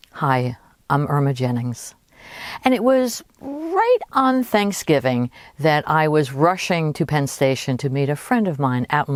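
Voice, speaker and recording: A woman recounts a personal story in an animated, conversational manner. Her voice sits fairly low but moves a lot in pitch, and the recording is close and dry. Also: no room sound. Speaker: holistic health coach.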